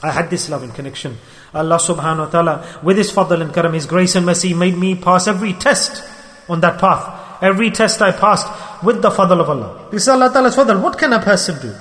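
A man's voice: high-pitched, fast talker, a bit bright. A middle-aged man preaching a sermon, telling stories and acting out the dialogue. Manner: storytelling, acts out dialogue, rising and falling delivery. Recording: echoey hall with long reverb.

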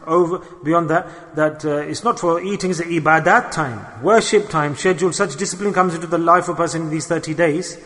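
A man's voice: fairly high pitch, brisk, hardly any pauses, fairly bright tone. A man preaching a sermon, telling a story and restating phrases for emphasis. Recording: long hall reverb.

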